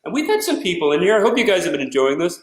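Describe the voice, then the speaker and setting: A man's voice: high-pitched, very animated, racing. A man doing a casual live-streamed comedy set at home, rambling and swearing freely. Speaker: stand-up comedian. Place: family living room. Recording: echoey living room.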